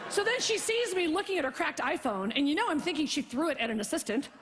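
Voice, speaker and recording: A woman doing a stand-up comedy set, telling a story in a brash, profane, fast way and acting out both sides of the conversations. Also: high voice, lively intonation, a bit bright. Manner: brash, profane, rapid storytelling with mock-quoted dialogue. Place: theater stage before a live audience. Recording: live concert recording with hall reverb.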